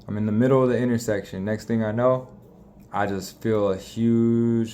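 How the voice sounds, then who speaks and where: A man's voice: fairly low pitch, steady tone, normal speed, darkish tone. A young man casually telling a story, profane and rambling, with frequent restarts.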